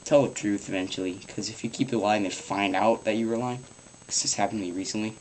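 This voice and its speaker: A teenage boy giving casual advice in a rambling home vlog, swearing offhandedly and filling pauses with ums. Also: on the low side, fairly even intonation, a little hiss or hum, rough recording. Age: teens. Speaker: vlogger.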